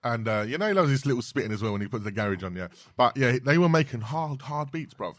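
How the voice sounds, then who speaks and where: Fast-talking man, dry sound. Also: mid-range voice, dry recording. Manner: animated, heavy slang, quick interjections. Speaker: podcast guest. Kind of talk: casual chat.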